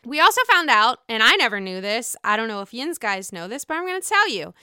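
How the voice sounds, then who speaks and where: A chatty woman recaps reality TV episodes for her viewers, candid and gossipy, with plenty of swearing. Her voice sits a little high and comes across smooth and resonant. The sound is dry and close, with no room around it. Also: big pitch swings, fairly quick, pushed and bright, no room sound. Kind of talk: casual chat.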